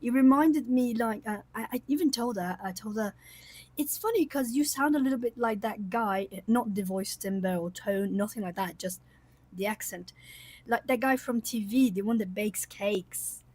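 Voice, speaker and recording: A woman host chatting casually with her viewers on a livestream, rambling warmly with many fillers and little laughs. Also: a little high, moderate pace, no echo. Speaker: coloring channel host.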